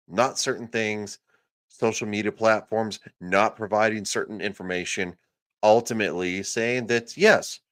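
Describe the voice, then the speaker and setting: A man hosting a podcast, loudly yelling and swearing through a political rant. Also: lowish voice. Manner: loud, profane, yelling. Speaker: podcast host. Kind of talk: ranting political commentary.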